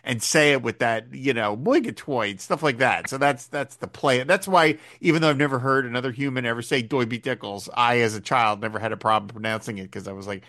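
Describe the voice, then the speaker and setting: A man's voice: mid-range voice, a little fast, hardly any pauses, bright, forceful tone. A man co-hosting a casual podcast chat, conversational and wry, explaining things through asides. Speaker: podcast co-host.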